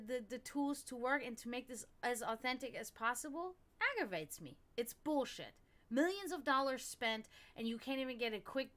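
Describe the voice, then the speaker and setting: A woman's voice: fairly high pitch, fairly bright tone. A woman from Germany, chatting casually on a livestream, rambling off on tangents and swearing when something annoys her. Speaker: streamer reading and discussing esoteric texts. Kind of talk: casual livestream chat with reading aloud.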